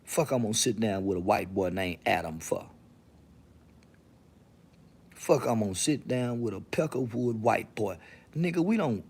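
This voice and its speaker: A man from Texas talks alone on his podcast with a Southern accent. His voice is gravelly, with a low rasp under his ordinary middle pitch. He rants in a crude, swaggering, mocking way. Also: sing-song, normal speed, darkish tone. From Texas, USA. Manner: profane, swaggering, mocking rant. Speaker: podcast host. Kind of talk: solo monologue to camera.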